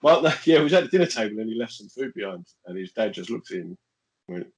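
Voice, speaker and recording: Animated joking man. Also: lowish voice, fast, rough recording. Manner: animated, jokey, laughs often. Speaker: podcast co-host. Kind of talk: casual chat, storytelling.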